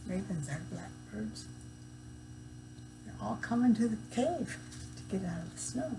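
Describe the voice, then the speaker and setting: An older woman reads a picture book aloud at an unhurried pace, pausing to explain words for young listeners. Her voice sits at a middle pitch. A faint hiss runs under the recording. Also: lively intonation, vocal fry. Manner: gentle, explains words for children. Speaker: storyteller.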